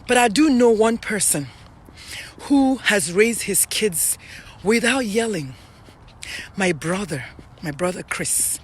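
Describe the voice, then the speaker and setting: A woman's voice: medium pitch, expressive, slow, long pauses, slightly rough. Breathless Nigerian woman walking uphill. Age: middle-aged. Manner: earnest, chatty, addresses viewers directly. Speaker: parenting coach hosting a live stream. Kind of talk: casual live-stream monologue. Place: outdoors, walking up a hill.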